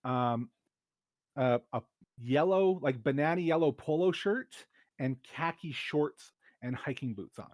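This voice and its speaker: Guy gm for a tabletop game, kinda high voice, dry close mic, laid back explaining stuff. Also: measured pace, dry recording. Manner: relaxed, explanatory, with hesitant fillers. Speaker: game master.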